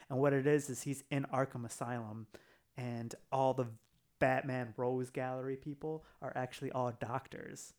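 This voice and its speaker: A man's voice: mid-range voice, steady tone, normal speed. A man in casual chat, retelling a comic book plot in a rambling way with lots of fillers.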